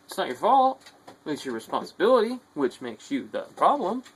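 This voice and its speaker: A man ranting in a bitter, profane monologue, shifting from low muttering to angry shouting. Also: sing-song, moderate pace, a little hiss or hum, low-quality recording. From United States. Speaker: video diarist.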